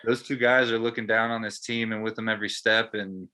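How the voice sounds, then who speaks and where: A man's voice: on the low side, level tone, fairly quick, sharp tone. A man and former player co-hosting a casual postgame chat, earnest and rambling with lots of fillers.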